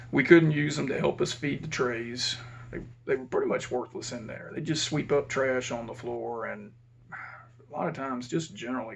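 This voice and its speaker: A former prison officer from Texas tells a rambling, plain-spoken story in a casual manner, repeatedly correcting himself. His voice is medium-pitched and gravelly.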